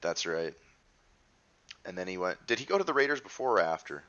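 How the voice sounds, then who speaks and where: A man's voice: deep voice, sing-song, fairly quick, a bit bright, dull audio. A man hosting a podcast in casual chat, wry and joking, with some swearing. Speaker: podcast host.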